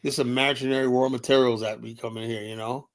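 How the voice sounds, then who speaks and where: A man hosts a solo livestream, talking in an emphatic, heated way. He swears freely and fills his sentences with "you know". His voice sits at an ordinary pitch for a man. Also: level tone, fast. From United States. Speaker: livestream host.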